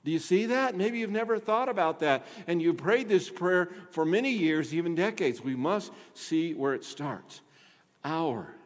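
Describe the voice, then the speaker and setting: A man preaching a sermon as pastor, swinging between loud emphasis and hushed asides. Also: on the high side, animated, unhurried, in a large hall.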